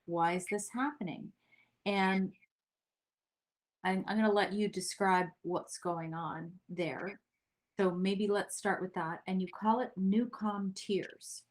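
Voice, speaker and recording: Woman podcast host, mid-pitch voice, chatty and personal, laughs a lot. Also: fairly even intonation, slow pace. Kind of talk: casual interview chat.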